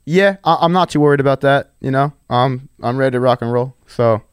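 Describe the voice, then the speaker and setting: A man talks quickly and eagerly as a podcast guest, spinning animated anecdotes in casual chat. His voice sits at an ordinary middle pitch and sounds close and dry, with no room around it. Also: clear, resonant tone, dry recording. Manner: animated, acts out customers in stories. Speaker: podcast guest, gun store worker.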